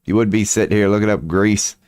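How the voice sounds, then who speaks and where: A man's voice: fairly low pitch, steady tone, fast talker, a little mellow, dry recording, clean studio sound. A tired man rambling indoors at home in a late-night vlog, profane, slangy and laughing at himself. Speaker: vlogger.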